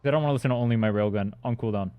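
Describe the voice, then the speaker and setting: A man's voice: mid-range voice, rapid-fire, smooth, dry recording, narrow, tinny audio. A young man streaming a game, chatting casually with his viewers, rambling and swearing as he answers chat. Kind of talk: casual livestream chat while gaming. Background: faint music from his playlist.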